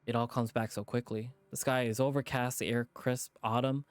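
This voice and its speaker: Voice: medium pitch, steady tone, moderate pace. A streamer reading a visual novel aloud, audibly stressed and rattled, repeating lines and swearing under their breath. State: stressed, shaken. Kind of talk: reading a game aloud with character voices.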